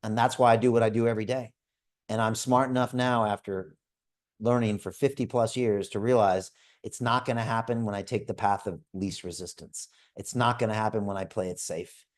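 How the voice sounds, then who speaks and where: On a group video call, a man in his fifties runs a crypto investment club and delivers a motivational sales pitch. His delivery is direct and energetic, fairly quick, and he keeps addressing everyone as folks.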